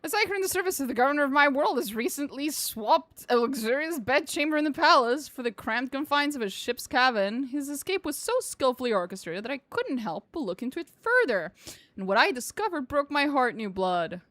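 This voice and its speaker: A woman's voice: high voice, very animated, a little fast, a bit bright, no echo, pitched above the performer's own voice. A woman reading as a swaggering noble warlord. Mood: boastful. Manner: swaggering, blunt, boastful. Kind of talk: reading game dialogue aloud.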